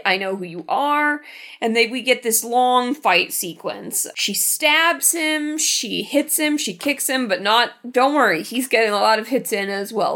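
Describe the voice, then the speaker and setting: A woman's voice: a little high, sharp tone. A woman co-hosting a casual podcast who retells a movie plot playfully and acts out the characters' lines. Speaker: podcast co-host. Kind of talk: casual movie recap chat.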